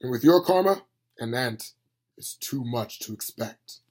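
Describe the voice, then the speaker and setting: A man voicing Death, a grim, weary male reaper who lectures in a flat, matter-of-fact way, in an amateur audiobook reading. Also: mid-range voice, measured pace. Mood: dry.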